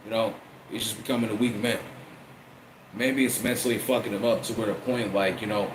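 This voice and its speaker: A man's voice: on the low side, steady tone, brisk. A man giving a casual wrestling review, profane and repeating himself as he rambles. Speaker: wrestling commentator. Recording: echoey room with faint air conditioning hum.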